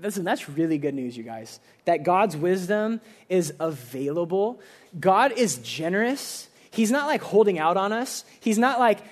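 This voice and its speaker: A young man in his twenties preaching a casual sermon, telling stories with lots of "like" and acting out quick voices. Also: high-pitched. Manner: animated storytelling, acts out voices, filler "like". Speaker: pastor.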